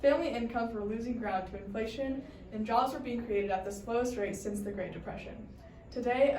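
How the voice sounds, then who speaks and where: A woman in the role of a reporter, reading a scripted news report in a steady voice. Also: medium pitch. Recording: echoey room, mic far off, faint hiss.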